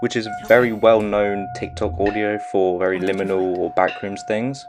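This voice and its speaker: Direction: hesitant man, fairly low voice. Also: flat delivery, moderate pace, over music. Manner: hesitant, many "um"s and restarts. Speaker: video creator analysing a movie trailer. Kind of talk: casual commentary.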